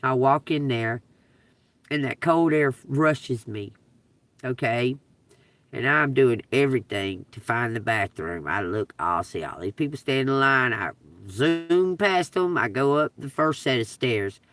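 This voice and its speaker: This live-stream tarot reader, a middle-aged woman from Georgia with a Southern US accent, has a very deep voice and talks a little slowly. Cursing and laughing through a meandering story, she's animated; the sound is dry, with no room sound, and distant from the mic.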